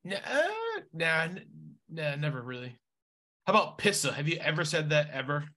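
A man from Rhode Island hosting a casual chat, reacting loudly and with animation. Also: a little high, expressive, normal speed.

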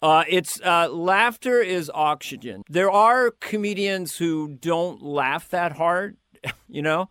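A male comedian chatting in an interview, lively and quick to slip into impressions. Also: a little high, smooth, no room sound. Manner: animated, slips into quick impressions and sings snatches. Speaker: comedian guest. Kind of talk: casual interview chat with impressions.

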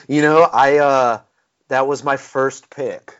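A man's voice: medium pitch, slow, dull audio. A man chatting casually as a podcast guest, polite and easygoing. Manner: polite, easygoing, says "yes, sir" often.

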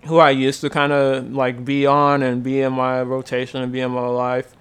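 Smooth-voiced young man, casual chat. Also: mid-range voice, monotone, moderate pace. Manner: loose, profane storytelling.

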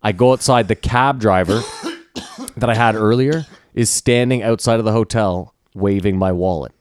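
A man in his thirties, a podcast co-host, telling a long story in casual chat, animated and profane, acting out what others said. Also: fairly low pitch, normal speed, a little hiss or hum. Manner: animated, profane, acts out quoted voices.

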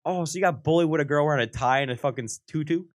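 A man's voice: racing, no room sound, clean studio sound. A man hosting a casual podcast chat, laughing often as he tells stories. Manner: laughing storyteller, jumps into shrill quoted voices. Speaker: podcast host.

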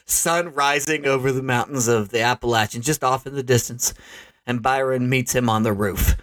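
A man narrates a ridiculous action-movie pitch in a middle-pitched voice, storytelling with gusto and breaking into laughter at his own jokes. The sound is dry and close to the mic. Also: normal speed, fairly bright tone, no room sound. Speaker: podcast co-host.

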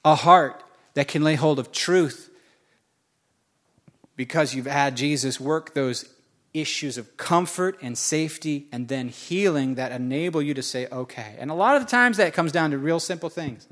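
A male pastor delivers a sermon in a storytelling way, poking fun at himself and hammering home key words through repetition. His voice sits a little on the higher side for a man. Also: normal speed, a bit bright. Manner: storytelling, self-mocking humor, emphatic repetition.

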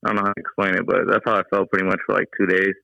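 A man's voice: low voice, level tone, racing, vocal fry, bright, forceful tone, dry recording. A man calling in to a podcast, chatting casually and rambling with lots of fillers over a call line. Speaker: caller. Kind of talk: casual chat. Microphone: phone call. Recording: dull dry phone call.

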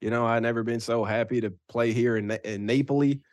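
A man's voice: mid-range voice, fairly even intonation, fast talker, no room sound, studio quality, lightly acted. A man putting on a laid-back Southern drawl. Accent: Southern US, put on. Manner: easygoing, drawling, bro-talk.

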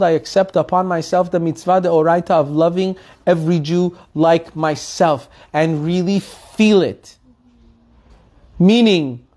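A man giving a weekly Torah lesson, telling stories earnestly and asking his listeners rhetorical questions. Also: high voice. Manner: animated storytelling with rhetorical questions. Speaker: Torah teacher.

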